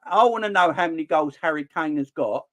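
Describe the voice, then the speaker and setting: A man in middle age delivers an opinionated football rant. His voice sits a little high and swings widely in pitch as he gets worked up. He sounds exasperated and animated. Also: fairly quick. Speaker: football channel host.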